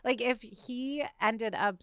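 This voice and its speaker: A young woman co-hosts a relaxed podcast, talking in an animated way and laughing often as she acts out what people said. Her voice is smooth and clear, and the sound is dry and close. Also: on the high side, slow pace, no echo. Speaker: podcast co-host. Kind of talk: casual chat.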